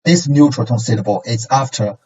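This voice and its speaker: Talking a little fast with lively intonation, a man with a warm, husky mid-range voice patiently models syllables and tones in a language lesson. He punctuates it with "okay" and "right," and the sound is distant, dull, and lo-fi.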